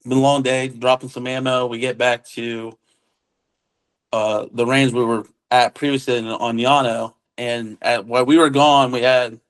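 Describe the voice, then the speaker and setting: A man of ordinary pitch telling a story in a loose, conversational way. He slips into the voices of the people he is quoting and drops casual military slang as he goes. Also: poor audio. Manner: acts out quoted dialogue, relaxed military slang. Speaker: witness recounting an encounter.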